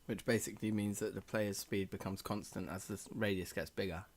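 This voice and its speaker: A man's voice: on the low side, fairly even intonation, fairly quick. A man rambling casually to himself about his game code while eating pizza. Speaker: game developer. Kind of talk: casual thinking-aloud coding vlog.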